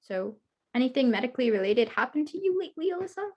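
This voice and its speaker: High-voiced chatty woman hosting. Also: sing-song, quick pace, slightly rough, dull audio. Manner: giggly, chatty, rambling. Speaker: guest host interviewer. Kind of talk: casual chat. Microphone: video call.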